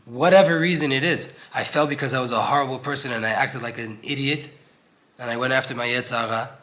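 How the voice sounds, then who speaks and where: A young man teaches an informal Torah class in an old synagogue, speaking fast in a medium-pitched, bright, forceful voice. He's earnest and conversational, and acts out voices when quoting people.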